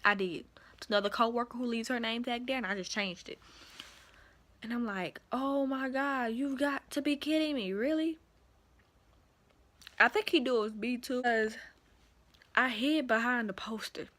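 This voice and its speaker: A woman's voice: on the high side, normal speed, pauses often. Chatty young woman telling a story. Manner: animated, chatty, addresses viewers as y'all. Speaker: vlogger. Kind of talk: casual storytime.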